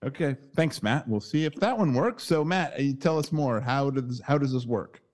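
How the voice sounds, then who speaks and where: A man hosting a casual podcast chat over a video call, telling an excitable story. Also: mid-range voice, moderate pace. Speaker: podcast host.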